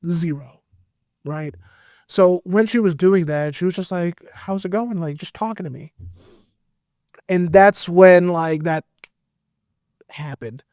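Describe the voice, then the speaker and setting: A man guest on a podcast, telling a personal story in a casual, animated way with lots of fillers. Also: sits high, takes it slowly, long pauses, no room sound, clean studio sound. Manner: animated, expressive, full of fillers. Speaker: podcast guest, metal vocalist.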